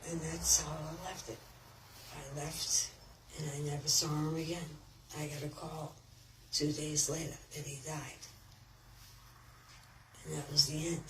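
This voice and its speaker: Slow, blunt older woman, distant mic. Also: low voice, a bit bright, a little hiss or hum. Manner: blunt, profane, rambling storytelling. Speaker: author at a book signing. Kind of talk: off-the-cuff speech to a crowd. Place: retro thrift shop.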